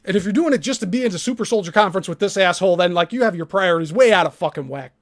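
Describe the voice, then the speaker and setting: Blunt, sarcastic man with a high voice. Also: animated, rapid-fire. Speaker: host. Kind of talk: profane reaction commentary.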